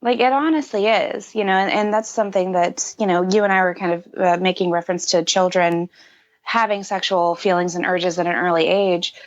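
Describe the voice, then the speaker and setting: A woman's voice: lowish voice, fairly even intonation, fairly quick. Candid woman on a muffled recording. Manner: candid, reflective, many fillers. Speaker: podcast guest. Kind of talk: casual conversation. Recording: dull lo-fi audio.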